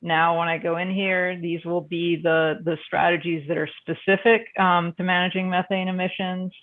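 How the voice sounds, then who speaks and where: A man walks colleagues through a survey spreadsheet on a video call, stumbling over his words with constant fillers and restarts. His voice sits a little high with a gravelly edge. The sound is narrow and phone-like. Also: flat delivery. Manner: halting, many fillers and restarts. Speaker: meeting presenter. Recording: phone-like band-limited video call audio.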